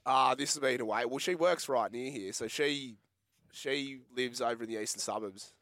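A man's voice: medium pitch, moderate pace, a bit bright, no echo. A man with an Australian accent on a radio show, easygoing and stubborn in banter. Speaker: radio co-host.

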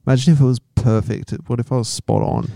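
Aussie guy joking around on a podcast, mellow low-key voice. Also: huge pitch swings, fast talker, vocal fry, no room sound, clean studio sound. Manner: teasing, playful. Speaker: podcast co-host. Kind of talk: casual chat.

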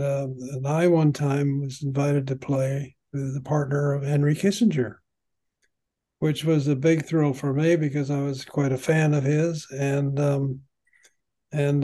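An older man, a veteran padel player, tells long stories in an unhurried, rambling way, full of ums and restarts. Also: fairly high pitch, mellow. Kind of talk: conversational storytelling.

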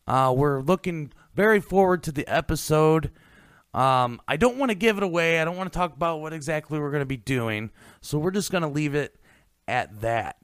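Upbeat podcast host, dry close sound. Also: male voice, expressive, normal speed, clear, resonant tone, no room sound. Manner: conversational, drops into a low, hushed sign-off. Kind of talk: casual podcast outro.

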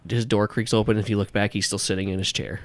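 A man's voice: on the low side, flat delivery, quick pace. A man narrating a tabletop game as game master, in a casual, loose way. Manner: casual, loose, filler-heavy.

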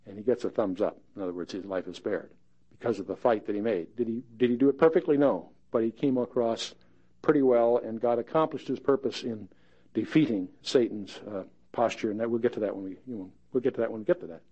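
A man's voice: medium pitch, fast talker, dark tone. A man teaching a conversational Bible study in a folksy, plain-spoken way with wry asides. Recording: dull lo-fi podcast recording.

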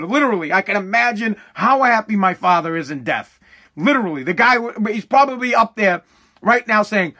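High, bright-voiced guy in his thirties, rambling and profane, blunt, stop-start monologue. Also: expressive, normal speed. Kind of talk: ranting monologue.

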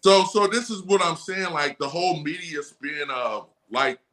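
A man in his forties, a former athlete guest, telling stories in a casual podcast chat, animated, laughing often and swearing freely. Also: a little high, normal speed. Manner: animated storyteller, frequent laughs and profanity. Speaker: guest, former running back.

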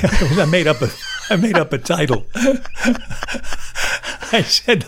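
An older man, a podcast guest, telling a story with lively delivery and frequent laughter. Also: fairly high pitch, unhurried, pauses often, a little hiss or hum. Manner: animated, laughs through his stories. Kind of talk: storytelling anecdote.

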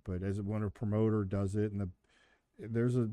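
A man with a fairly low voice hosts a casual chat. He sounds relaxed, agrees a lot and chimes in with short replies. The recording is dry and close to the mic. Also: normal speed, dry recording.

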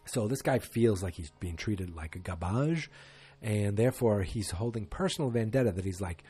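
A low-voiced man with a husky edge gives a rambling, casual episode recap, tossing in wry asides. His tone is mellow and dark, and soft music plays faintly behind him. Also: lively intonation, moderate pace.

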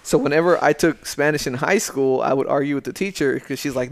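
A man's voice: mid-range voice, quick pace. A man chatting casually as a podcast guest, joking and laughing often. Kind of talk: casual chat.

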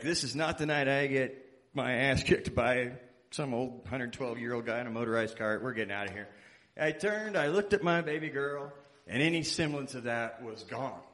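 A man doing stand-up comedy, telling an animated, self-mocking story. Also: mid-range voice, moderate pace.

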